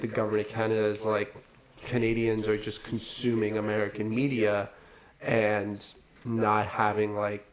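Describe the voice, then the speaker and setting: A young man co-hosting a podcast in casual chat, rambling with lots of fillers and laughing often. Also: on the low side. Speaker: podcast co-host.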